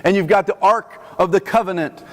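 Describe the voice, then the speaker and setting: A man preaching a sermon in a chapel in a conversational, animated teaching manner. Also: high voice, fairly quick. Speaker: chaplain. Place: army post chapel. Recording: long reverb of a chapel.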